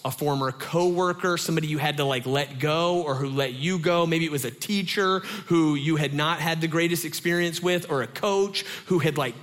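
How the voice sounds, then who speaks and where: Animated casual man preaching. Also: fairly high pitch. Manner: casual, animated storytelling with many fillers. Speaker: pastor. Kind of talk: sermon.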